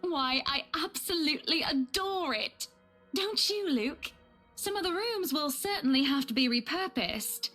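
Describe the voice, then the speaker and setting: A woman's voice: high voice, animated, measured pace, sharp tone, faint music behind, full character voice. An actress voicing a pompous, fussy wealthy woman in a game, calling people "dear". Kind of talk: voiced game dialogue.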